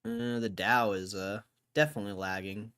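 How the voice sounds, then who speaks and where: Young male stream host, low-ish voice, relaxed and wry, reading news in casual chat. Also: moderate pace, clean tone. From Connecticut, USA. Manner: laid-back, wry, offhand remarks. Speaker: livestream host.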